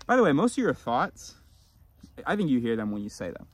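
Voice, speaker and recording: A man vlogging in a rambling, philosophical monologue, often restarting his sentences and swinging between loud and mumbled. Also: medium pitch, big pitch swings, brisk. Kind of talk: casual rambling monologue to camera.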